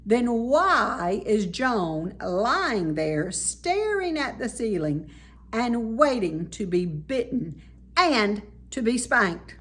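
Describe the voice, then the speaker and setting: A storybook dad who turns loud and lecturing, then grumbles mildly, read by a woman in her own lively, breathy voice. He sounds a touch higher and brighter than plain talk. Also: heavily acted. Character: grown-up father, jolly but exasperated.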